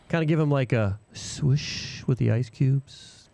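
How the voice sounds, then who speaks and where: A man co-hosting a live radio show in casual chat, animated, laughing and rambling between asides. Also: medium pitch, slow pace, gravelly, slight background noise. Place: small radio studio.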